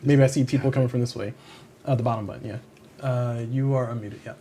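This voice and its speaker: A man hosting a casual chat, throwing in quick, jokey interjections and eager questions. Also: medium pitch, steady tone, dark tone, breathy edge. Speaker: host.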